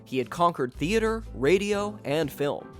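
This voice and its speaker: A man narrating a podcast episode in a measured storytelling delivery. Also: on the high side, expressive, soft background music.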